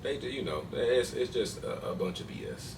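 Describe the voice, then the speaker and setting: A man's voice: medium pitch, lively intonation, moderate pace. A man hosting a podcast, talking loosely in slangy casual chat with lots of restarts. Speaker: podcast host. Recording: distant mic with faint noise.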